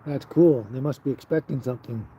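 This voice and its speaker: A man's voice: medium pitch, a little fast, dark tone, low-quality recording. A man hosting a casual livestream, reading and answering viewer chat in an easygoing way, often chuckling and trailing off with fillers. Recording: outdoor livestream with noticeable traffic noise.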